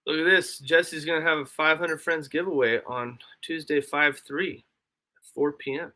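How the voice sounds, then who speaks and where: A man's voice: on the high side, fairly even intonation, normal speed, bright, forceful tone. A man hosting a casual live stream from his homestead, chatting in a rambling way and answering his chat aloud. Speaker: livestream host. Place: home, homestead.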